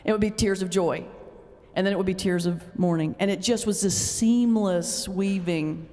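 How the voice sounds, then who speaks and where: A woman pastor giving a humorous talk, telling stories in an animated way with sudden jumps in pitch. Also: moderate pace. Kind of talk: humorous lecture storytelling. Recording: long reverb of a large hall.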